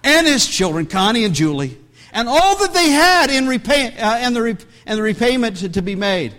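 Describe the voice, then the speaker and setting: A man's voice: extremely high pitch, big pitch swings, normal speed, fairly bright tone. A man preaching a sermon as pastor, reading scripture aloud and breaking into conversational asides, with many restarts.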